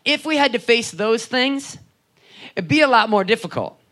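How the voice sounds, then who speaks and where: A man's voice: extremely high pitch, expressive, moderate pace, fairly bright tone. A young man preaching a sermon in a conversational, storytelling way, with frequent asides and rhetorical questions. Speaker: pastor.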